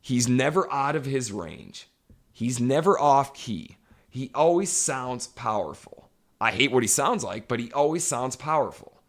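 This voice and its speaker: A man rants on a casual podcast, swearing at nearly every turn as he hammers his points home. His pitch swings widely while staying mid-range overall. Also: lively intonation, a little slow. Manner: emphatic, swears constantly. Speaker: podcast co-host. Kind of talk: profane casual podcast rant.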